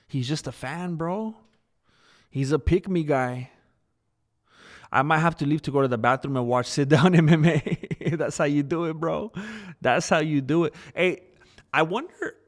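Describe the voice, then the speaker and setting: A man's voice: fairly high pitch, lively intonation, unhurried, pauses often. A man chatting casually on a live stream, rambling about fighting and snacks, laughing often and answering his chat.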